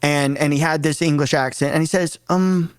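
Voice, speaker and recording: Animated young man telling stories. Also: a little high, moderate pace, clear, resonant tone, no room sound. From Tennessee, US. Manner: animated storyteller, repeats words, acts out quotes. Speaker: guest, actor and streamer. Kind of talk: casual storytelling chat.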